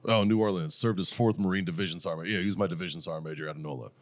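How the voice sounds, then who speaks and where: A man's voice: sits low, racing. Profane, laughing middle-aged man. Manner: profane, storytelling, laughs a lot. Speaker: podcast host. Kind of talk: casual chat.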